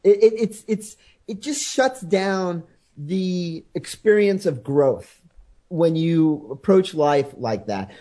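A man co-hosting a podcast in casual chat, wry and halting, with frequent restarts as he searches for words. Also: high-pitched, big pitch swings, mellow. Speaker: podcast co-host.

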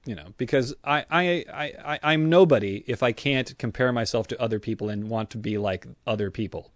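A man's voice: medium pitch, brisk, dry recording, studio quality. A man in casual podcast chat, self-deprecating and acting out his own grumbling thoughts. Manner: self-deprecating, acts out grumbling inner voices.

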